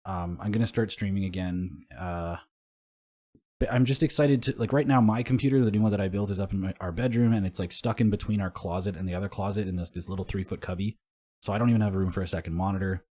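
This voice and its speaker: A young man co-hosting a casual gaming podcast, talking in a relaxed, rambling way with frequent swearing. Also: low-pitched, fast. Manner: relaxed and rambling, swears often, laughs along. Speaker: podcast co-host.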